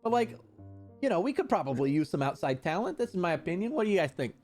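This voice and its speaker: Brief: young male streamer, bright high pitch, loud live game commentary with cursing, soft music underneath. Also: fast talker. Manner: excitable, loud, swears a lot.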